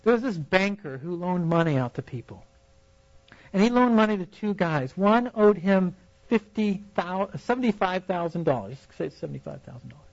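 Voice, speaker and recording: Young male preacher, storyteller, bright high voice with big swings, dry close sound. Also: moderate pace, no room sound, highs cut off. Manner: storytelling, animated, acts out reactions with laughs. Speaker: youth conference speaker. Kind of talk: preaching a sermon.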